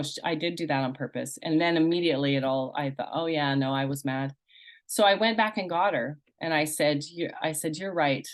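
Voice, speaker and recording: Middle-aged woman workshop teacher, low voice, candid and self-deprecating, talks in loose restarts. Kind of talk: personal story in a recorded course session.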